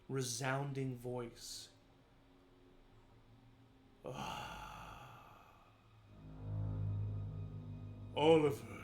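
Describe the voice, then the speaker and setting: A man narrating a tabletop role-playing game as game master, describing scenes in a slow, measured, atmospheric way. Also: mid-range voice, fairly bright tone, roomy sound. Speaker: dungeon master.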